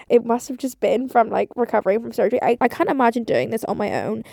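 Gravelly-voiced young woman rambling from bed. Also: on the high side, big pitch swings, fast, few pauses, darkish tone, dry recording, clean studio sound. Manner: rambling, swears freely, many fillers. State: drowsy, recovering from surgery. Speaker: podcast host. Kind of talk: casual voice-note chat. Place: bedroom, lying in bed. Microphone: phone voice note.

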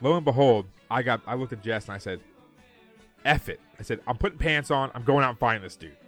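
Over faint background music, a man co-hosting a podcast chats casually, telling a lively story at a quick pace in a mid-range voice. He acts out the quoted dialogue as he goes.

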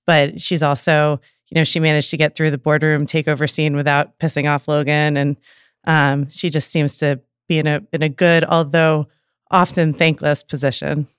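Smooth, flat-voiced woman podcast guest. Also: low-pitched, no room sound, studio quality. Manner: measured, with fillers. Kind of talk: casual chat.

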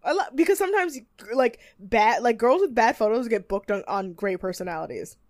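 Young woman, podcast co-host, casual chat, rambling, giggly, slightly high voice. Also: animated, brisk. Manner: rambling and giggly, with lots of fillers and acted quotes. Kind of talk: casual chat recapping a TV show.

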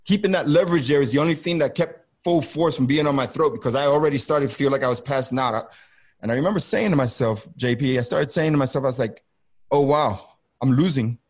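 Intense middle-aged man recounting a fight. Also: mid-range voice. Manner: intense, halting, repeats himself. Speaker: former federal border agent, guest. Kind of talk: first-person storytelling on a video call. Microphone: video call.

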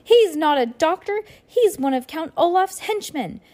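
A woman voicing Violet, an urgent young orphan girl who shouts in a high, shrill voice. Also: expressive, a little slow. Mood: alarmed.

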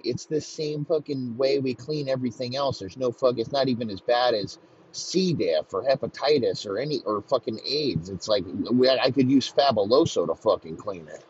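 A man's voice: mid-range voice, normal speed, a little mellow, breathy edge. A man ranting crudely and mockingly, swearing constantly in a comedic tirade. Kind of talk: profane comedic rant. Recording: slightly muffled lo-fi recording, faint background noise.

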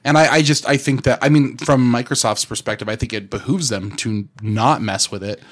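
A man's voice: mid-range voice, fairly quick. A man chatting casually as a guest on a gaming podcast, rambling with restarts and reaching for fancy words.

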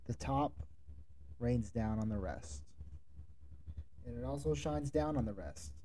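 A man's voice: mid-range voice, lively intonation, a little slow, mellow, a little hiss or hum. A man hosting a podcast, speaking directly and instructively as he coaches restaurant leaders. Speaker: podcast host, restaurant manager. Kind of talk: solo podcast monologue giving advice.

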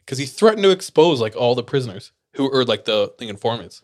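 In a relaxed podcast chat, a young co-host with a voice on the low side speaks a little fast. He's an animated storyteller, laughing plenty as he works through a long story.

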